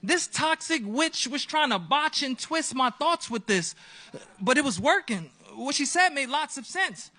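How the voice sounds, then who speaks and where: A male spoken word poet with a strikingly high, piercing voice. He delivers a story in rhyming verse with a steady performance rhythm. He slips into each person's voice as the story unfolds. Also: measured pace.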